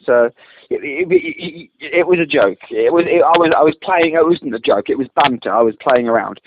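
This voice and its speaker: A man's voice: a little high, big pitch swings, brisk, creaky. A man in a casual argument, defensive and stammering with many restarts. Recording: tinny phone-like line, faint hiss.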